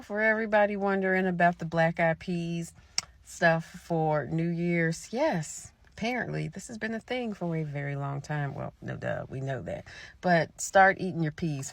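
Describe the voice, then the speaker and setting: A woman's voice: on the low side, creaky, no room sound. Chatty woman telling folklore. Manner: chatty asides to viewers. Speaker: folklore storyteller. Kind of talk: casual storytelling narration.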